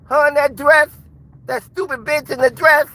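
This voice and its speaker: A shrill, menacing boxer. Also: male voice, steady tone, normal speed. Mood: menacing, indignant. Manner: shrill, threatening, high and loud. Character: enraged boastful male boxer, shrill and menacing. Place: inside a car.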